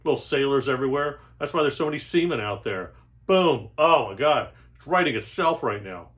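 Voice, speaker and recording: A young adult man delivering a comic monologue as host, sarcastic and animated, with exaggerated outbursts and quick asides. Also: medium pitch. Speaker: comedian host. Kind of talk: stand-up style comic monologue.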